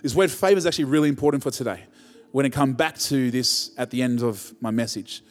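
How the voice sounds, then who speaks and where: A man's voice: medium pitch, fast, big-room sound. A man preaching a conversational sermon as pastor, rising to emphatic peaks.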